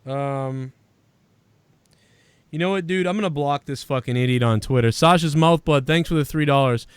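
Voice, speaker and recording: The livestream host speaks at a normal speed in a smooth, slightly high voice with no echo. While reading viewer donations, he mocks a critic in a casual rant full of profane, combative, sarcastic insults.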